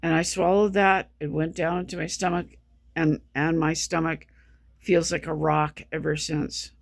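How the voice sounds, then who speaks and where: This vlogger has a gravelly mid-range voice with a level tone and talks at normal speed, with no room sound and studio quality. Tired, underslept and unwell, they drift through a casual monologue full of repetition and restarted sentences.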